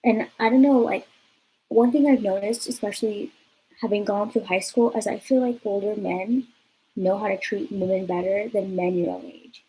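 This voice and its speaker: A woman's voice: mid-range voice, moderate pace, husky, low-quality recording. A young woman in her twenties telling a personal story in a casual vlog, chatty and peppered with "like". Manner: chatty, peppered with "like", lively retelling. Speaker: vlogger.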